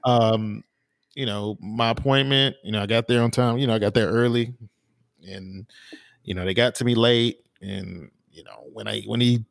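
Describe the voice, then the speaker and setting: Relaxed low-voiced man telling stories. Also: moderate pace, vocal fry. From small town in the US. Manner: relaxed storytelling, many fillers and restarts. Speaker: podcast co-host. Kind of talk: casual chat.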